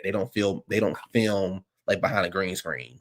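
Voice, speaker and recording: A man's voice: sits low, normal speed. A man hosting a livestream, chatting casually and rambling loosely with lots of fillers. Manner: rambling and loose, full of "like" and restarts. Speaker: livestream host. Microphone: streaming microphone.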